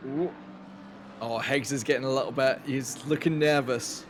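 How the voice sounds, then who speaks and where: Guy calling a sim race, dry and calm, faint engine hum behind. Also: mid-range voice, moderate pace. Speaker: co-commentator. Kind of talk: live race commentary.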